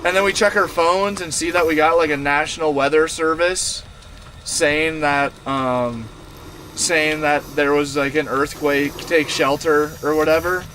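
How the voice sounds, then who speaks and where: A man's voice: on the high side, fairly even intonation, unhurried, a bit bright, slight background noise. A man streaming from his camper van, telling a story to his live chat in a casual, profane, rambling way with lots of fillers.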